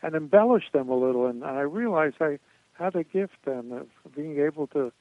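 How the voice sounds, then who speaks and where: An older man reminisces with a storyteller's meandering rhythm, dotted with hesitations and restarts. His voice sits a little high for a man and comes through a thin, phone-like line with no room sound at all. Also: animated, moderate pace, no echo. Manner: rambling anecdotes with frequent uh and restarts. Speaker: guest comedian. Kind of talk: storytelling in a radio interview. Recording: tinny dry phone line.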